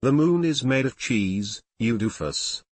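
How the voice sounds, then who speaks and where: A wry, determined teenage girl teases in a dry voice, as a male reader puts her on. Her pitch moves in lively swings, close and dry. It is an audiobook reading of fan fiction. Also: measured pace, no echo. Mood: teasing. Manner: dry teasing.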